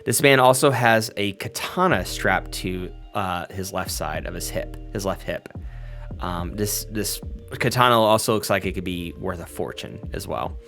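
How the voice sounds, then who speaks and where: A man's voice: sits low, lively intonation, moderate pace, a bit bright, faint music behind. A man narrating a tabletop game as game master, describing scenes loosely with many fillers.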